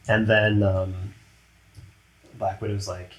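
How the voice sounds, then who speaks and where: A man running a tabletop game as game master, chatty and quick to laugh. His voice sits low. He sounds like he is in a room with a clear, roomy echo. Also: fairly bright tone. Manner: chatty, laughs often, slips into character voices.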